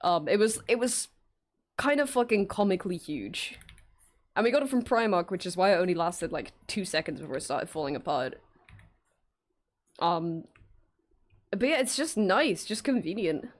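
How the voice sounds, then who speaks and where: A woman's voice: fairly low pitch, animated, moderate pace, long pauses. A young woman streaming while she draws, chatting casually, giggling, swearing freely and answering her chat.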